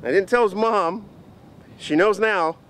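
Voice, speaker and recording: Chatty higher-voiced man vlogging. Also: unhurried. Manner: animated, chatty storyteller. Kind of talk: casual storytelling vlog.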